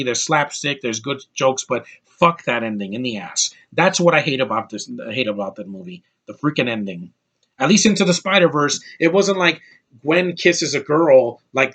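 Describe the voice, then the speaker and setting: A man's voice: medium pitch, fairly bright tone. Rambling, profane male movie reviewer. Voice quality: rambling, blunt and profane, with frequent restarts. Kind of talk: casual spoken movie review.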